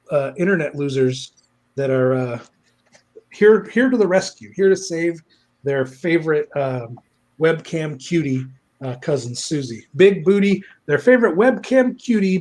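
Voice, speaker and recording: A man's voice: a little high, expressive, a little slow, a little mellow. Man putting on a lewd demon in a woman's body. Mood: brash. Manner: brash, lewd and exclaiming. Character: crude demon possessing a young woman's body.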